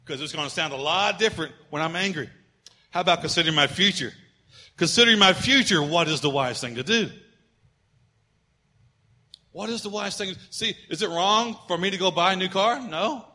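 High bright-voiced preacher man. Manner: conversational preaching with humorous personal stories; dynamic, swings between loud emphasis and quiet asides. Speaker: pastor. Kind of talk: sermon.

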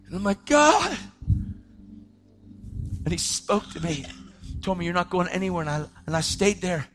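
A young adult man telling a personal testimony in a casual way, often saying "man", his voice rising to shouts at the most intense moments. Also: sits high, fairly even intonation, a little fast. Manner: casual, says "man" and "dude" a lot. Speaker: speaker sharing his testimony.

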